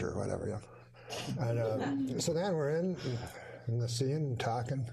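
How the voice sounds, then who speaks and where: A Canadian man hosting a casual chat, telling rambling stories with a dry, deadpan delivery. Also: medium pitch, moderate pace, creaky. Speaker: host.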